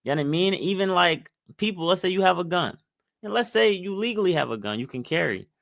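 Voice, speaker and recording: Gravelly and high-pitched, this man talks quickly and with animation while reacting to an interview clip on his channel. His take is loose and reflective, full of "like" and "mind you." The audio is studio quality, slightly bright, with no echo.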